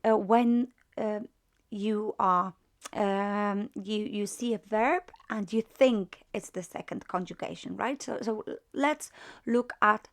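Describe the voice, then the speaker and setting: Slow, patient Polish-accented woman teacher. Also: medium pitch. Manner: patient, repeats "right?" after each point, many fillers. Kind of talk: grammar lesson explaining verb conjugation.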